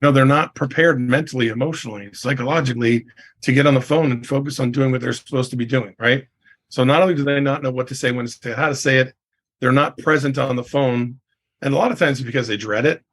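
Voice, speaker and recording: A middle-aged man with a husky, slightly breathy voice, speaking as a coaching guest in a relaxed podcast chat. He is emphatic and keeps checking in with his listener as he drives each point home. His pitch sits in an ordinary middle range. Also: quick pace. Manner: emphatic, leans on "I mean" and "right?". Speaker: real estate coach, guest. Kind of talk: casual podcast interview.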